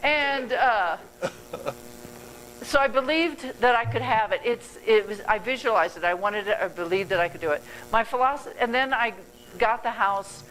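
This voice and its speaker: A woman's voice: a little high, normal speed, a bit bright, a little hiss or hum, low-quality recording. An older woman giving a motivational talk as a guest speaker at a club meeting. She speaks earnestly, rambles and corrects herself mid-sentence.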